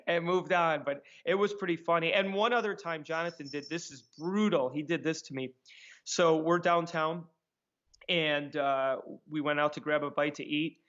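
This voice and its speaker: A man telling sarcastic, animated anecdotes as a guest in a casual interview. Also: fairly high pitch, muffled recording. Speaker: magician guest.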